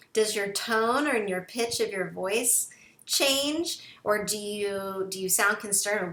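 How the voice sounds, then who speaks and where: A woman with a bright, forceful voice guides parents through a talk in an encouraging tone. She keeps checking in with the listener as she goes, and her words ring out in a roomy, echoey space. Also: mid-range voice, slow pace. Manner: encouraging, checks in often with "okay?". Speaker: parent educator. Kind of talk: instructional talk to camera.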